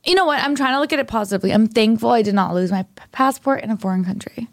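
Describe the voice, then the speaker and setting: A woman's voice: fairly high pitch, racing, dry recording. Dramatic young woman, dry sound. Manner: dramatic, rambling storyteller. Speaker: podcast co-host. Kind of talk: casual chat.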